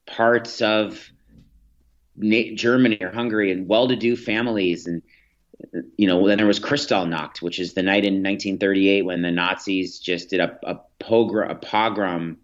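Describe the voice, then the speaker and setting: A man's voice: lowish voice, highs cut off. A man, a podcast guest, telling reflective stories in an interview, with many restarts and fillers. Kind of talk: storytelling in an interview.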